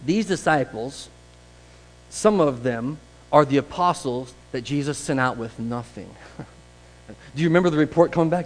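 A man preaching a sermon in a conversational, animated way, acting out the voices he quotes. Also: fairly high pitch, moderate pace, long pauses, long reverb tail, low-quality recording. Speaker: pastor.

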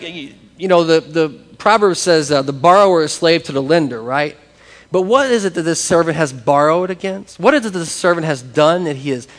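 A man preaching a sermon as pastor, animated and acting out the voices of people he quotes. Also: on the high side, in a large hall.

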